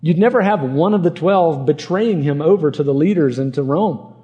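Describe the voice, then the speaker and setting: A man's voice: a little high, normal speed, warm tone, muffled recording. A male pastor from Arkansas preaching a conversational sermon and acting out the people in the passage.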